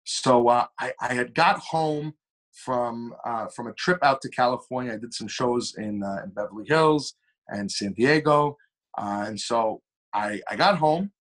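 A young man, a singer telling stories as a podcast guest in a lively, animated way. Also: unhurried. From Long Island, New York. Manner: animated storyteller with shifting pitch and pace. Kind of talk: casual storytelling interview.

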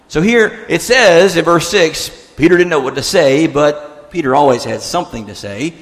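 A male pastor delivers a sermon in a slightly high voice. He speaks with animation, acting out the disciples' words and then dropping low and quiet for emphasis. A long church reverb trails behind each phrase. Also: lively intonation, normal speed. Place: church sanctuary.

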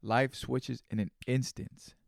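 A man's voice: mid-range voice, steady tone, slow pace, gravelly, no echo, studio quality. A man hosting his own podcast, telling a rambling, profane story in casual, conversational speech. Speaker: podcast host. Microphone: studio microphone.

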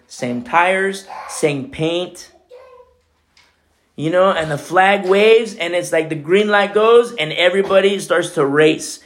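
A man preaching a sermon as pastor, in a conversational, animated way full of asides. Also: sits high.

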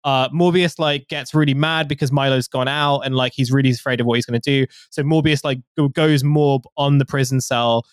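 A man's voice: mid-range voice, fairly even intonation, a little fast, few pauses, clear, resonant tone, no room sound, clean studio sound. A man on a podcast, casually recapping a film plot in a rambling way, full of fillers. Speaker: podcast co-host.

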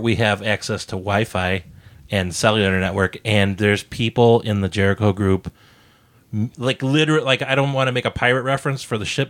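Podcast co-host, man, low voice, easygoing storyteller. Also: fairly bright tone. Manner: laid-back, joking, acts out quotes. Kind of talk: casual storytelling chat.

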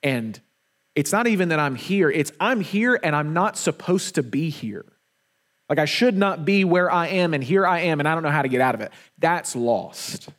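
A man preaching a sermon to a congregation, earnest and emphatic, often repeating words for weight. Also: a little high. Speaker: pastor.

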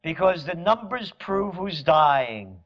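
A man's voice: a little high, big pitch swings, slow, fairly bright tone. A man delivering a fiery, sarcastic political rant, mocking officials. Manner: fiery, sarcastic, mocks officials in mimicking voices. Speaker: commentator. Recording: dull lo-fi recording.

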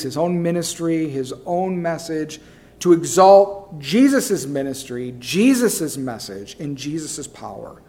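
A man preaching a sermon as pastor, repeating key phrases and swinging between soft low asides and loud rising calls.

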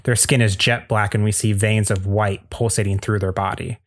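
A man's voice: on the low side, little pitch movement, moderate pace, dry recording, studio quality. A man reading scripted narration at a table read, with a few small slips and restarts. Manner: plain storytelling with small slips.

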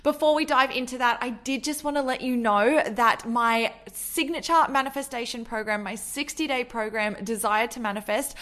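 A young adult woman from Australia with an Australian accent, hosting her podcast in a bubbly, effusive monologue full of excitement. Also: a little high, normal speed, few pauses. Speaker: podcast host. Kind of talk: enthusiastic solo podcast monologue.

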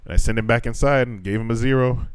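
A young man chats on a podcast, telling work stories with lots of swearing and acted-out quotes. His voice sits mid-range and his pitch jumps around a lot. The sound is close and dry. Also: fast, clear, resonant tone, no echo. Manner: animated storytelling, swears freely, acts out quoted voices. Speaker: podcast co-host; assistant language teacher in Japan. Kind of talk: casual chat.

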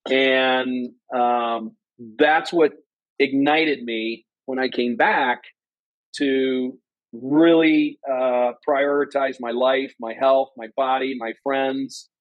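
Man in his 50s, interview guest, earnest and animated, mid-pitched, dry close sound. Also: slow, no room sound, lo-fi sound. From Ohio, USA. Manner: earnest, animated storyteller who acts out quotes in a higher voice. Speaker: guest, former company president. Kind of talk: personal storytelling in an interview.

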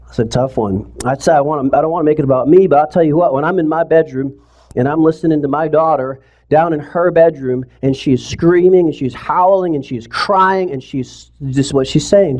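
A man's voice: a little high, normal speed, a little mellow. Earnest man preaching a sermon. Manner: earnest, conversational preaching that rises to impassioned pleading. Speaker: pastor. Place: church sanctuary, streamed service.

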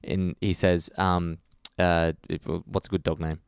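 A man's voice: low-pitched, level tone, unhurried, clear, resonant tone, dry recording, studio quality. A man co-hosting a casual podcast, chatty and fond of telling jokes. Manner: chatty, tells jokes with voices. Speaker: podcast co-host. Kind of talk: casual chat.

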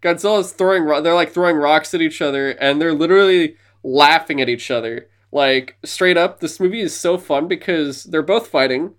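Excited man retelling a movie. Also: fairly high pitch, normal speed, few pauses. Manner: enthusiastic retelling of movie scenes, slipping into silly voices. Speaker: podcast co-host. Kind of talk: casual podcast chat.

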